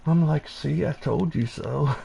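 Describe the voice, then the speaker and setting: A man hosting a live stream in casual chat, laid-back and profane, laughing often, with a gravelly voice. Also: a little high, takes it slowly, dark tone, muffled recording.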